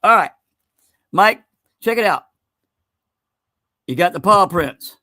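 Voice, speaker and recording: A man hosts a live giveaway stream in an unhurried drawl. His voice is bright and forward, and he keeps laughing and joking as he calls viewers by name. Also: high-pitched, animated. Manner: laughs often, jokey and loose, talks to viewers by name. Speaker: livestream host running a giveaway. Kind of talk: casual livestream chat.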